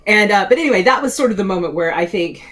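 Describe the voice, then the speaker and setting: A woman's voice: medium pitch, lively intonation, quick pace, fairly bright tone. A woman in her forties, a guest author in a casual interview, telling stories in a rambling way with many fillers and restarts and frequent laughs.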